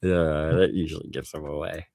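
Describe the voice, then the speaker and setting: A man's voice: extremely low pitch, fairly even intonation, moderate pace, gravelly, a little mellow, no room sound, studio quality. A man hosting a casual live-stream chat, often laughing through his sentences. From the Bronx. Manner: laughs often, chuckling asides. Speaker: host.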